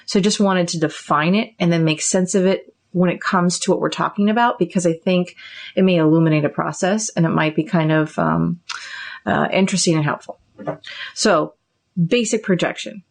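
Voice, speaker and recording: A woman's voice: moderate pace, gravelly. A middle-aged woman therapist hosting a podcast, explaining ideas casually and acting out little example dialogues. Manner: animated, acts out example dialogues with raised pitch.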